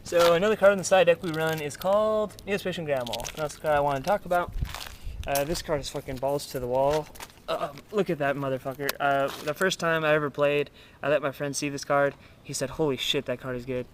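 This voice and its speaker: A young man talks through his card game deck in a loose, profane ramble and breaks into loud acted-out outbursts as his opponents. His voice sits a little high for a man. A steady hiss of noise runs under the recording. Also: brisk. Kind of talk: casual profanity-laden deck profile.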